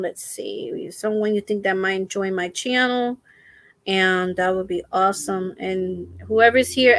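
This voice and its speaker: A woman's voice: mid-range voice, no echo. A middle-aged woman chatting casually on a live stream from home, laughing often as she tells stories to her viewers. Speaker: crochet channel host. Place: at home, lying down with feet raised. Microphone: laptop.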